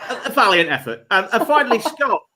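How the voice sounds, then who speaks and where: A man hosting a comedy panel quiz, reading out questions with quick asides and frequent laughs. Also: high voice, sing-song, sharp tone, low-quality recording. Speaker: quiz host. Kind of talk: casual online panel chat.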